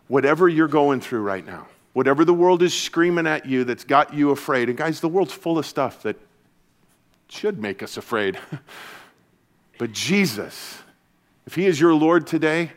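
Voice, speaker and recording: A man preaching as a pastor to his church, earnest and energetic, dropping to a soft, hushed voice for comforting passages. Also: a little high, measured pace. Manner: earnest, shifts to soft hushed tones when quoting Jesus. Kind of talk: sermon. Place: church service.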